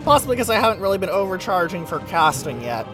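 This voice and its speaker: A man giving casual, excitable commentary over his own gameplay, swearing freely and breaking into silly sing-song chants. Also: high voice, fast talker. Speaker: video game let's play host. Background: game music.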